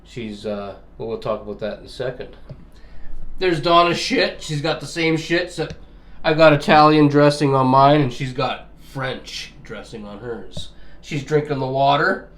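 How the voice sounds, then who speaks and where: Sitting at his kitchen table, a Canadian-accented man vlogs in loose, crude chat, cursing, laughing, and adding "eh" to his lines. He speaks at normal speed in a mid-range, fairly bright voice.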